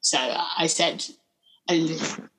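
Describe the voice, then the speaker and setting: A woman's voice: low voice, fairly even intonation, unhurried, a bit bright. A young woman with a middle-range voice teases her co-hosts and picks apart their logic in a dry way. There is a faint noise under her recording. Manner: teasing, dry and questioning. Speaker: podcast co-host. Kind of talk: casual chat.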